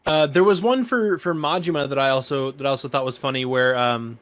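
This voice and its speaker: A man's voice: mid-range voice, fairly quick, fairly bright tone. A man co-hosting a gaming podcast, recapping scenes in a loose, rambling way with casual swearing. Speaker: podcast co-host. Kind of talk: casual chat.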